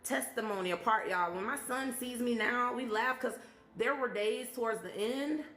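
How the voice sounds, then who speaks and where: A woman's voice: fairly high pitch, moderate pace, fairly bright tone, roomy sound. A woman in her thirties who hosts a live stream, talking casually to her viewers and sharing her testimony in an emotional, motivational way. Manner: emotional, testimony-style, talks to viewers directly. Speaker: live stream host and speaker.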